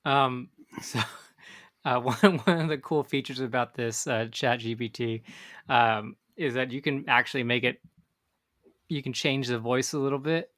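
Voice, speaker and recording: Man, bright voice, rambling podcast chat, lots of fillers. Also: medium pitch, measured pace. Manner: rambling, many fillers and restarts. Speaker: podcast co-host. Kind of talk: casual chat.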